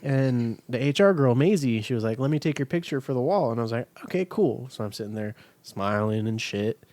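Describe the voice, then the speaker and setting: A young man spins a long, rambling story over beers, dropping swears and slipping into quick impressions of the people in it. His voice sits in an ordinary middle pitch. The recording is dry, with the mic close and no room sound. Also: lively intonation, a little mellow, no echo. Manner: rambling storyteller, swears freely, acts out quoted lines. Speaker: podcast co-host. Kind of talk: casual chat over beers.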